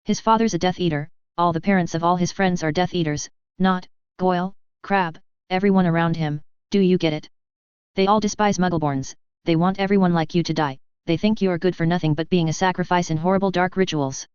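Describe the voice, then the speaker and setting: A fierce young girl pressing her warnings with urgent intensity, as a woman reads her. The voice sits somewhat low and very clear. The storybook reading is dry and slightly dull. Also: steady tone, brisk, a little mellow, dry recording, lightly acted. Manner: intense, near-shrieking warnings.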